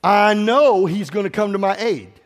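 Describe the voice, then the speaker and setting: High-voiced preacher in a reverberant hall. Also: male voice, normal speed. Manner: exhorting, calls for congregation responses, tells personal stories. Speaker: pastor. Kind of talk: sermon. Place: church sanctuary with congregation. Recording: long reverb of a large hall.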